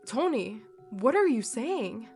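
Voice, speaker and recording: A commanding young leader of a friend group, firm and scolding, as a woman narrator speaks for the role. Slightly higher and louder than the narration. Quiet music sits beneath. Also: big pitch swings, takes it slowly, heavily acted.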